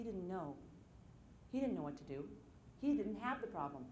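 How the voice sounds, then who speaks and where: A woman's voice: mid-range voice, normal speed, echoey room, slight background noise. A woman giving a live seminar talk on stage to an audience, telling personal stories with self-deprecating humor and acting out the voices in them. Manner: animated storytelling, acting out quoted voices. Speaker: motivational seminar speaker.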